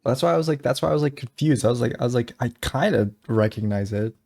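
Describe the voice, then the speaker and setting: A man's voice: medium pitch, quick pace, darkish tone. A young man co-hosting a podcast in casual chat, teasing and joking dryly. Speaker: podcast co-host.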